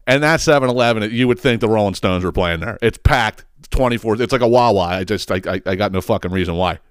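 A man's voice: lowish voice, fast talker, clean tone, dry recording, clean studio sound. A man hosting a podcast, telling a rambling, profane story in a casual monologue, often stumbling over his words and laughing at himself. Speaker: podcast host.

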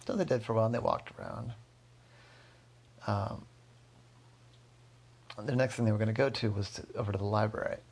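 A man with a gravelly voice telling a story casually, rambling with fillers. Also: on the low side, fairly even intonation, fairly quick, long pauses, darkish tone.

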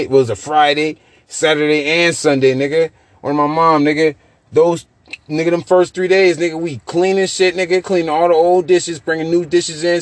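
A young podcast host talks in a casual, animated, profane way and loops back on his own words. His voice sits a little high for a man. The sound is dry and close. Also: dry recording. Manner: animated, profane storytelling with loose repetitions. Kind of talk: casual chat.

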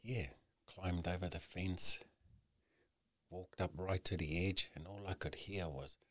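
A man with a very low voice tells his own story in an earnest, unpolished way. He swears freely and keeps circling back with "you know" and false starts. The sound is dry and close, with no room around it. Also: steady tone, unhurried, fairly bright tone, dry recording. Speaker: guest. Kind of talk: candid personal storytelling.

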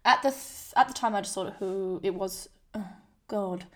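Speaking directly to the listener, a woman vlogger shares a candid personal story in a medium-pitched, fairly bright voice at a moderate pace. She's frank and self-deprecating, often quoting her own inner voice.

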